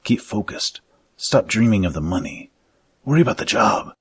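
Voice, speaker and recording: A man's voice: lowish voice, very animated, moderate pace, slightly rough, pitched above the performer's own voice, exaggerated voice. A man voicing a young thief who speaks in short, clipped phrases in a storybook reading. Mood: tense. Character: young male thief, terse and focused.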